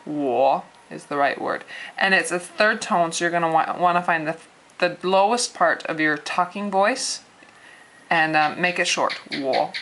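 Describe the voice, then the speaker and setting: A woman in her thirties walks learners through a lesson at a whiteboard. Her voice sits slightly low yet sounds bright and crisp. She talks casually, circling back, restarting sentences and laughing lightly at herself. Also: unhurried. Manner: friendly, rambling with frequent restarts and little laughs. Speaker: language teacher.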